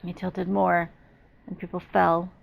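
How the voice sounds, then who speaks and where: Slow, gravelly-voiced woman channeling. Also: lowish voice, flat delivery, lo-fi sound. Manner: halting, emotional, repetitive. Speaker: psychic medium. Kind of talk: first-person channeling narration.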